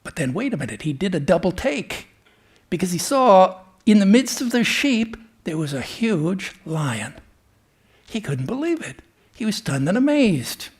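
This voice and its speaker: A man speaking as a swami in a temple, giving a spiritual talk with an animated storytelling manner that often drops to a hush. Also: high voice, measured pace, slightly rough. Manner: storytelling, animated, dropping to hushed tones. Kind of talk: sermon with storytelling.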